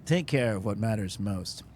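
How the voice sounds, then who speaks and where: A man's voice: fairly low pitch, darkish tone. A man streaming a game, chatting casually and joking with his viewers, often breaking into laughter. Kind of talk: casual live-stream gameplay commentary. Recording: noticeable background noise.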